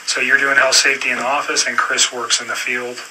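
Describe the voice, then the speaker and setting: A man questioning a witness as a police detective in an interview room, calm and procedural, with frequent fillers. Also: mid-range voice, fast. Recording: distant room recording with clear noise.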